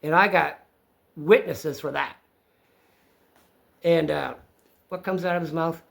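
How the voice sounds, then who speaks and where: A man with a Maine accent telling a story in casual chat, loud and excitable, swearing freely. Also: a little high, takes it slowly, gravelly. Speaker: witness telling his story.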